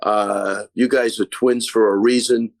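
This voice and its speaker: A man's voice: on the low side, fairly even intonation, a little slow, no room sound. A man, an MMA coach who is a guest on a podcast, talking casually in a rambling, effusive way, restarting sentences and swearing freely.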